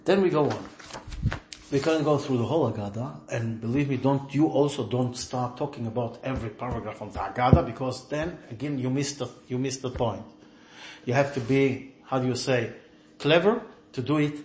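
Leading a relaxed religious class, this rabbi recounts stories and voices the characters' lines, with sudden bursts of laughter. He has a medium-pitched, slightly mellow voice at normal speed, heard in an echoey room.

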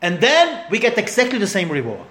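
A man's voice: sits high, huge pitch swings, brisk, fairly bright tone, reverberant. A man, a rabbi giving a Torah class to a small group, talking emphatically and asking rhetorical questions.

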